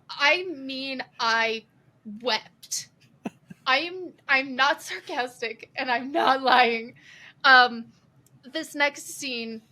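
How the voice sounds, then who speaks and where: Bright, gushing woman podcast co-host. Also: sits high. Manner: gushing, emotional, expressive. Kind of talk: casual podcast chat.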